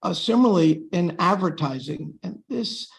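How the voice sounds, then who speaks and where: A man with a slightly high, gravelly voice leads a scripture class. His tone is loose and chatty, full of pauses and fillers, and he slips in dry sarcastic jokes. He talks to the room as if to friends. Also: animated, rough recording. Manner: joking, dryly sarcastic. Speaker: class speaker.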